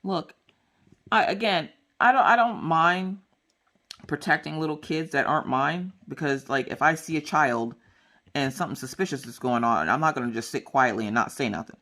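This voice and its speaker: A woman crafting vlogger telling a story in a blunt, animated, casual way. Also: low-pitched, moderate pace.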